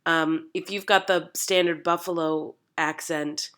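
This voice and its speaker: A woman's voice: on the low side, little pitch movement, a little slow, a bit bright. A Canadian woman coaching actors in an accent, explaining and demonstrating sounds to camera with frequent ums. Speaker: dialect coach.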